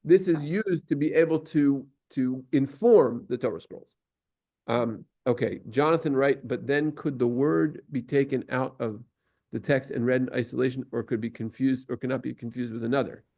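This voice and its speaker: A man's voice: medium pitch, moderate pace, creaky, warm tone. A man teaching a class, explaining at length with many fillers and restarts and taking questions.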